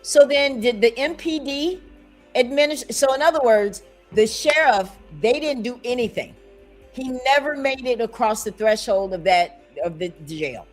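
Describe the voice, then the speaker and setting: A woman with a slightly high voice hosts a talk show interview, pressing her guest with pointed follow-up questions. Faint music runs beneath her. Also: a little slow.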